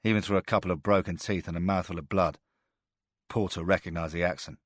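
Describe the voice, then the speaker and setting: A man narrating a thriller audiobook in a steady, measured manner. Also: low voice, no room sound, studio quality.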